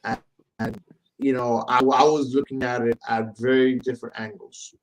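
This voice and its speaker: Relaxed male podcast host. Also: medium pitch, normal speed, poor audio. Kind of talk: casual chat.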